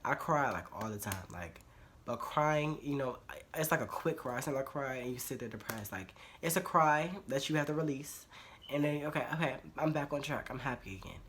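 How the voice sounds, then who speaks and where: A vlogger speaking in a mid-pitched voice, giving blunt, slangy relationship advice straight to camera. They hammer points home by repeating phrases. Clear background noise runs under the home recording. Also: a little fast, fairly bright tone. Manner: informal slangy speech with swearing. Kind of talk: casual advice monologue to camera.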